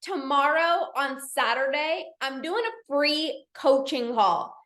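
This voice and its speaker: High-pitched lady coach hyping up her listeners, chatty, kinda echoey room. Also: expressive, slow pace, a bit bright. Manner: upbeat, chatty, encouraging, many "like"s and repeats. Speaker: binge eating coach and podcast host. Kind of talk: casual live-stream pep talk.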